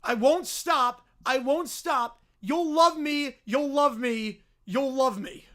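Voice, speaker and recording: Man putting on a shrill whiny bear, obsessive, loud and demanding, drawn-out pleas, bright high voice. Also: heavily acted. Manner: whining, yelling, drawn-out pleading.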